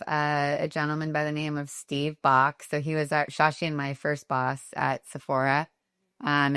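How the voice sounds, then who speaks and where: Low-voiced woman, candid and chatty. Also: a bit bright, clean tone, dry recording, clean studio sound. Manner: candid, chatty, many fillers. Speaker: guest, company founder and CEO. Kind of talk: casual interview answers.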